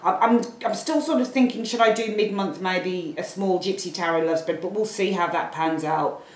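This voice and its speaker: A Birmingham woman with a local accent sits at a table in a room at home, giving a casual tarot reading to camera. She's chatty and rambling, throws in apologetic asides, and calls viewers darlings. Her voice is fairly low at a moderate pace, in an echoey room with poor audio.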